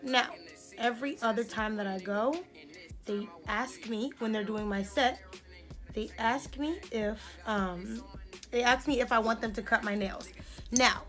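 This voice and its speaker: A young woman in her twenties, a beauty vlogger telling an indignant, animated story while doing her makeup. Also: on the high side, measured pace, soft background music.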